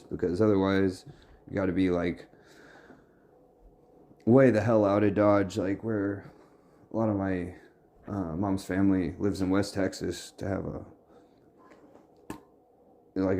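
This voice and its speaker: A man's voice: sits low, mellow. A man vlogging casually from his home workshop, rambling and muttering to himself as he sorts and labels things. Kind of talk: casual talk to camera.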